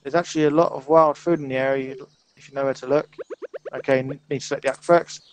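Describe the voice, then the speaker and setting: A man's voice: mid-range voice, fairly even intonation, fast talker. A man hosting a casual co-op gaming session, chatty and jokey, narrating what he is doing. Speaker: let's play host. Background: game music.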